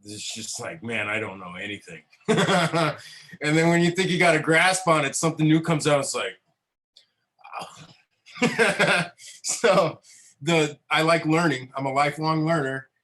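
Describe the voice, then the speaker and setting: A man's voice: a little high, measured pace, a bit bright, rough recording. Laughing, profane man. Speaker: veterans council member. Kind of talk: casual roundtable chat.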